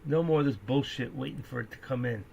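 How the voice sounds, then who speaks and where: A man giving casual, rambling live-stream commentary on stock trades, joking and breaking into excitable outbursts. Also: mid-range voice, fast talker, gravelly, a little hiss or hum. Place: indoors at home, seated.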